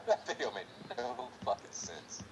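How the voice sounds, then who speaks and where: A man's voice: fairly low pitch, huge pitch swings, slow pace, a little hiss or hum. A man co-hosting a podcast, laid-back and laughing often, giving short profane replies in casual chat. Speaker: podcast co-host.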